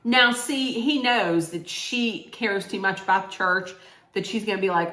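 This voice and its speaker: A woman's voice: medium pitch, moderate pace, sharp tone. A woman recapping a documentary in a casual, blunt, indignant way, swearing freely. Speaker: vlogger reacting to a documentary. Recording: roomy echo.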